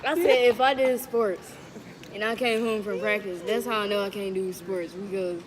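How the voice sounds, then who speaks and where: A woman's voice: medium pitch, fairly even intonation, normal speed, slight background noise, poor audio. A teenage girl chatting casually and joking with her friends while eating. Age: teens. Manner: joking, laughs often. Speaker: vlogger.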